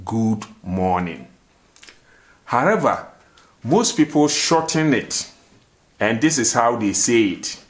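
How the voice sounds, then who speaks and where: A man's voice: medium pitch, sing-song, takes it slowly, long pauses. A man, hosting a language lesson. He repeats phrases and keeps asking rhetorical "what?" questions before he gives the answer. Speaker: language teacher, show host. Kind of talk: language lesson, slow and repetitive.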